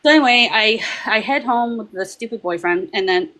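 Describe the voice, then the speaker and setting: A woman on a paranormal discussion panel, telling a personal story in a chatty, animated way and acting out the voices of the people in it. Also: fairly high pitch, brisk, low-quality recording. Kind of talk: casual storytelling.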